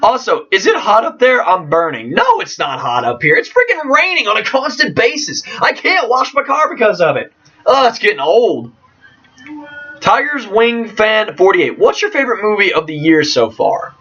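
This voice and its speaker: A man answering viewer questions in a casual vlog, excitable and jokey, trailing off and restarting. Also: high voice, normal speed, breathy edge. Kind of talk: casual chat. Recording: distant, dull lo-fi mic.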